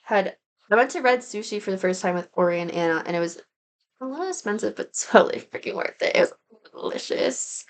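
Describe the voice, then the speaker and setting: A woman's voice: medium pitch, lively intonation, brisk. A young woman in her twenties chatting casually to camera in a rambling monthly recap, full of "like" and "um". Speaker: vlogger.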